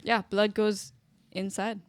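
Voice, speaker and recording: A woman voicing a healer in her fifties who speaks in broken English with a put-on northern accent and hesitant pauses. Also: medium pitch, little pitch movement, no echo, close to an everyday voice. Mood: folksy.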